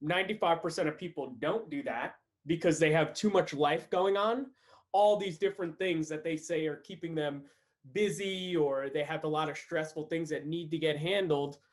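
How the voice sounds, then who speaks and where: A man's voice: fairly high pitch, moderate pace. A man hosting a casual business podcast, an eager interviewer who prompts his guest with slangy requests.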